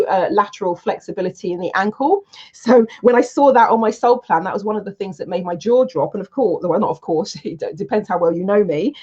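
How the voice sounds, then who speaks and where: Animated woman coach, dull lo-fi audio. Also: mid-range voice, slightly rough. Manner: animated, emphatic storytelling. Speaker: coach and soul plan reader. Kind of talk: casual talk to an online audience. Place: home room.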